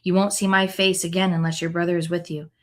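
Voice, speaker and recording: A woman's voice: on the low side, flat delivery, fast, natural voice. A woman reading the lines of a grown son who earnestly pledges to bring his brother back to his father.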